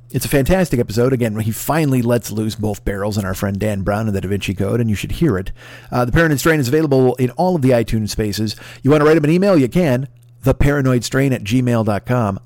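A man's voice: mid-range voice, fast, no echo. Rambling, profane comedy podcast man. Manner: rambling, profane and excitable, with sudden loud outbursts. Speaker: podcast host.

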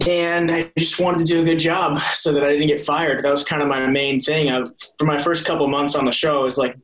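A young man chats as an interview guest, earnest and rambling. He restarts his sentences often and fills the gaps with ums. His voice sits a little high for a man. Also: a bit bright, rough recording. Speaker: actor guest. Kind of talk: casual interview chat.

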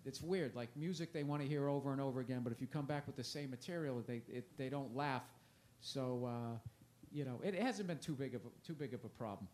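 A man's voice: medium pitch, brisk, few pauses, darkish tone. A man who is a stand-up comedian, chatting casually in an interview, rambling and self-deprecating, often trailing off and restarting.

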